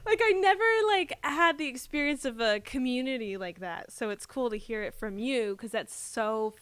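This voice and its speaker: A young woman chatting on a podcast in a high, bright voice. She fills her talk with "like" and lets sentences fade off quietly. Her pitch moves around a lot. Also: animated, normal speed, clear, resonant tone, no echo. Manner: chatty, filler-heavy, trails off softly. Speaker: podcast co-host. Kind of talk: casual chat.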